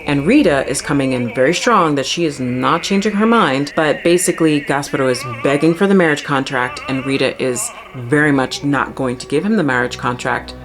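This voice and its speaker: Young opera singer lady explaining a plot, low voice, chatty, faint music behind. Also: normal speed, hardly any pauses. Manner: chatty, animated, enthusiastic. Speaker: opera singer and channel host.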